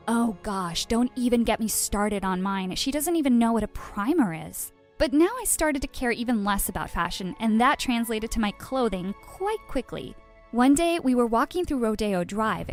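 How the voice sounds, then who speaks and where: A woman's voice: fairly high pitch, expressive, moderate pace, faint music behind. A woman narrating a first-person storytime in a dramatic, emotional way.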